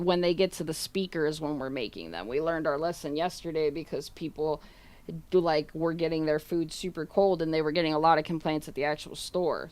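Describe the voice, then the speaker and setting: A woman's voice: on the low side, dry recording. A woman streamer casually telling a rambling story to her viewers, full of fillers and casual swearing, acting out what others said. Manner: retells others' words in quoted dialogue.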